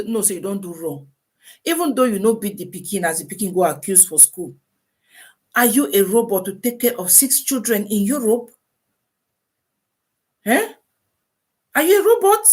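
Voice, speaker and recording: This live-stream advice talk comes from a woman whose voice is fairly high and whose accent is Nigerian Pidgin English. Her delivery is casual and animated, packed with rhetorical questions.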